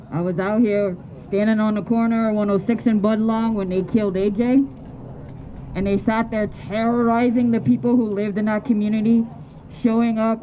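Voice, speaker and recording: A woman protester addressing a press conference outdoors in a parking lot, making forceful, repeated rallying appeals. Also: medium pitch, phone-quality sound, a little hiss or hum. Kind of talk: impassioned public address.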